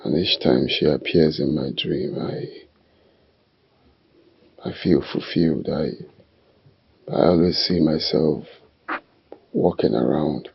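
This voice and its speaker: An actor playing a crippled husband who pleads in anguish, his voice gravelly and raspy. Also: very deep voice, takes it slowly, pauses often, full character voice. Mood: troubled. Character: crippled, tormented husband, adult man. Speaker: actor in a drama series. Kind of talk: dramatic film acting. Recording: dull sound with faint music.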